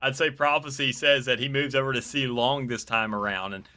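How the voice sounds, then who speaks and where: A man's voice: mid-range voice, fairly even intonation, fairly quick, pushed and bright. A man giving live esports color commentary in long analytical run-on explanations.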